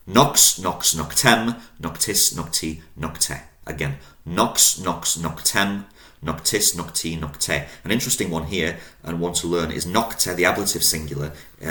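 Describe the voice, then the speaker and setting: A man's voice: sits low, pushed and bright. A man teaching a language lesson online, patiently spelling out word endings and drawing out each new word. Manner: patient, spells out endings, drawn-out vocabulary words. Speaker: Latin teacher. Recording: roomy echo.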